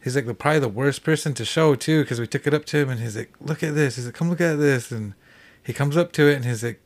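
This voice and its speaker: A man as a podcast guest, telling a hunting story in a rambling way, full of "like" fillers. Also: medium pitch. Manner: fast rambling with many "like" fillers. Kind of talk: casual storytelling.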